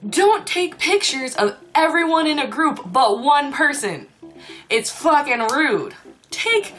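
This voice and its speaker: A woman's voice: medium pitch, fairly bright tone. A young woman telling a story in a casual vlog, chatty and ranting with laughs. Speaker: cosplayer and convention staff.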